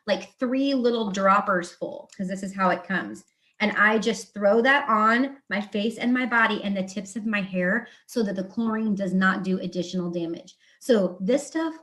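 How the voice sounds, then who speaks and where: In a mid-range voice, the woman showcases beauty products on a live presentation. She chats excitedly, dropping fast asides and dramatizing quotes as she goes.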